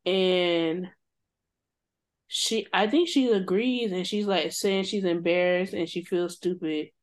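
A woman's voice: fairly low pitch, slow. A woman co-hosting a casual chat, gossiping and retelling scenes with quoted lines and slang. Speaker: podcast co-host. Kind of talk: casual chat recapping a reality show.

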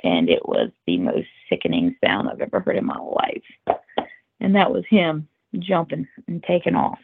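A woman's voice: low voice, big pitch swings, normal speed, gravelly, husky. A woman guest on a podcast, telling a story in the first person in an earnest, emotional way, with tumbling restarts. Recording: tinny phone-like line, dry.

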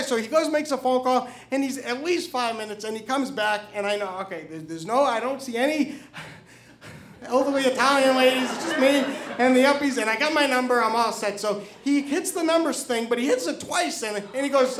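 A middle-aged man telling a live story, excitable, stumbling over repeated words. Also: very high voice, fast. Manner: excited, stammering repetitions.

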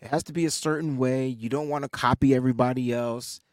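A man's voice: mid-range voice, fairly even intonation, quick pace, darkish tone, no room sound, clean studio sound. A man co-hosting a casual football podcast, talking in an easygoing way and laughing often between points. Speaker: podcast co-host. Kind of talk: casual panel chat.

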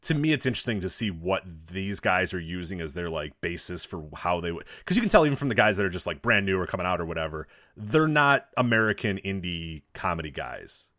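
A man's voice: sits low, very animated, fairly quick, few pauses, fairly bright tone, no room sound, studio quality. A man co-hosting a podcast in casual, rambling chat with some swearing. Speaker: podcast co-host.

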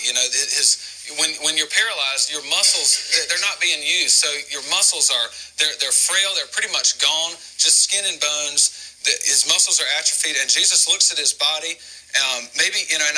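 A man preaches to his church in a very bright, piercing voice that sits a little high for a man. He asks his listeners question after question and acts out the scenes of the story. He often stumbles, restarts, and repeats his words as he goes. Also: low-quality recording. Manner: asks the congregation many rhetorical questions. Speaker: pastor. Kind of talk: sermon.

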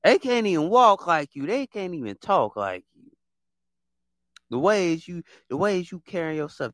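A man hosts a casual, rambling monologue. His voice sits a little high and swings widely as he repeats phrases and mimics other people. The sound is dry and close, with no room echo. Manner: animated, repetitive, acts out other people in quick put-on voices. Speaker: podcast host.

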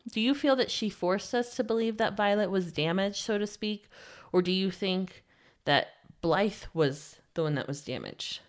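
A woman co-hosting a casual book podcast, chatty and quick to laugh, with a slight lisp. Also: medium pitch. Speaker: podcast co-host.

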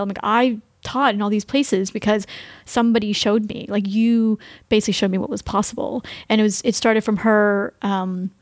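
Female podcast host, medium pitch, dry sound, excitable and chatty. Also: no room sound. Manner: bubbly, excited storyteller. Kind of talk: casual chat.

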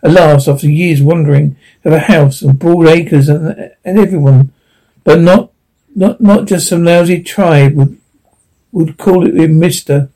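A man narrating an audiobook in an unhurried way, with some stumbles and restarts. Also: fairly high pitch, warm tone, rough recording.

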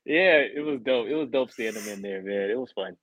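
A man co-hosting a podcast, telling a story in a casual, animated way and acting out other people's lines in a higher voice. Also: brisk, crowd noise, low-quality recording. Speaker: podcast co-host.

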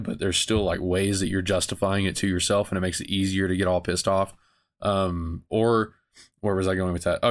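A man with a deep, low voice talks through a solo podcast episode. He rambles casually and earnestly, full of "uh"s and restarted phrases, as if thinking aloud. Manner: rambling, many fillers and restarts; casual, earnest self-talk. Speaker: podcast host.

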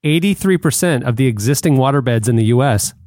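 Deadpan male podcast co-host. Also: mid-range voice, fast talker. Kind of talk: casual chat.

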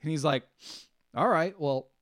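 A man's voice: fairly high pitch, measured pace, no room sound, studio quality. A man co-hosting a casual podcast, recapping a film and acting out the characters' lines, swearing freely. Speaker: podcast co-host. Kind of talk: casual movie recap chat.

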